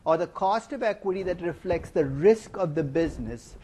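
A middle-aged man giving a university finance lecture, animated and playful, asking the class rhetorical questions. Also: high-pitched, moderate pace, a little hiss or hum. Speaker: finance professor. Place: lecture hall.

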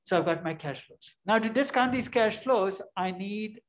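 A man's voice: sits high, lively intonation, moderate pace, few pauses. Male lecturer, conversational and emphatic, poses questions then answers them. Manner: emphatic, asks and answers his own questions. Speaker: finance lecturer. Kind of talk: classroom lecture.

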